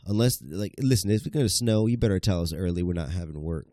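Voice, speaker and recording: A young man telling a profane, animated story in casual podcast chat. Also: low-pitched, fast talker, no room sound, clean studio sound. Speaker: podcast co-host.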